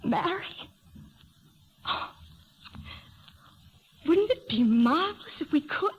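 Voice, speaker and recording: Doomed young heiress, breathless. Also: female voice, very high voice, animated, slow, heavily acted. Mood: yearning. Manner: breathless, pleading. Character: young heiress facing early death, emotional. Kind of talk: 1930s radio drama acting. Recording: dull old radio broadcast recording.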